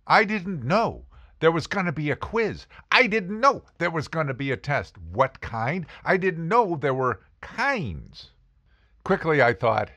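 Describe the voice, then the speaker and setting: A man's voice: mid-range voice, very animated, a little slow, bright, forceful tone, no room sound. A man telling a self-mocking comic story about his past, with punchy asides. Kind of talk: comedic storytelling monologue.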